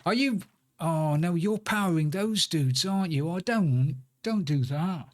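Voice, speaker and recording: A man's voice: a little high, measured pace, darkish tone. A man streaming a building game, muttering to himself as he works and chatting in asides. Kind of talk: casual live-stream chat while playing.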